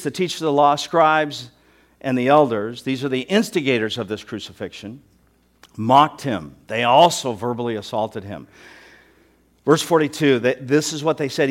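Male pastor, animated sermon delivery, mid-pitched voice, playful asides to the congregation. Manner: animated, acts out mocking voices, joking asides. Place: church.

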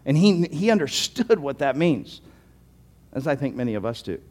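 A man preaching a sermon as pastor, earnest and emphatic, often restarting words and swinging between raised and hushed delivery. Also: mid-range voice, sing-song, normal speed.

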